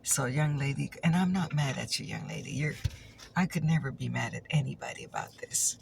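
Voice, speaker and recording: Gravelly-voiced woman in ASMR storytime chat. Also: a bass voice, expressive, a little fast, a little hiss or hum. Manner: chatty and teasing, repeats punchlines, drifts into whispers.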